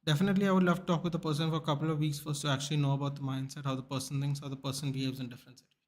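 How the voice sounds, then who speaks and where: Here a young man from India fires off his words rapidly in a slightly high voice while chatting with stream viewers. The talk is casual, blunt and animated, full of swearing and plenty of "dude."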